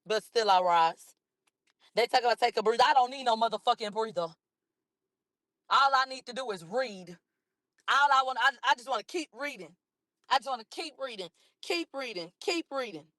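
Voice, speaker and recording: Hoarse woman ranting profanely on a livestream. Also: a little high, normal speed, long pauses, a bit bright, no echo, clean studio sound. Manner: profane, combative, repeats herself. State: hoarse from a cold. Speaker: livestream host. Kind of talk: heated livestream rant.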